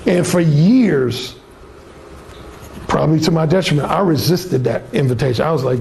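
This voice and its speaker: An older man with a gravelly, rough-edged voice tells a story bluntly and crudely. His pitch roams widely and sits a touch high for a man, full of swagger. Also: animated, normal speed, darkish tone, slight background noise. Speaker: dating coach. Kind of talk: casual storytelling.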